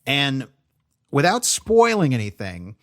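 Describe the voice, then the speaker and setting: A young man riffs about films on a podcast, his sentences looping back on themselves with plenty of "um" and "like". His pitch sits in an ordinary middle range. The talk stays relaxed and conversational. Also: slow pace. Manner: rambling, frequent fillers and restarts. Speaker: podcast co-host. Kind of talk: casual movie review chat.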